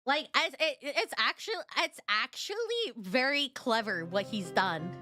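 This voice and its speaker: A woman's voice: a little high, sing-song, measured pace, bright, forceful tone, no echo, studio quality, faint music behind. A woman streamer chatting casually with her viewers, giggly and rambling, with lots of fillers. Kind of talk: casual reaction chat.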